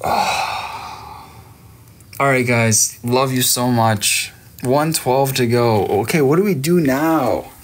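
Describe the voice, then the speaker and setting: With a medium-pitched voice, an Australian man in his thirties talks slowly and rarely pauses, while slight background noise is audible. He reads his viewers' messages aloud on a late-night livestream, teasing them in a relaxed, playful way.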